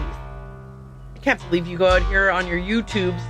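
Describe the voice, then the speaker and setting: A woman's voice: fairly low pitch, fairly even intonation, measured pace, long pauses, fairly bright tone, soft background music. A woman streamer reading a narrative game aloud, making joking asides and correcting her own slips. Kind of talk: game livestream commentary.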